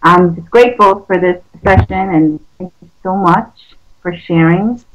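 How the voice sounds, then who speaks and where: A woman hosting a casual interview, effusive and quick to laugh. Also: lowish voice, rough recording. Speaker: interview host. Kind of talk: casual chat.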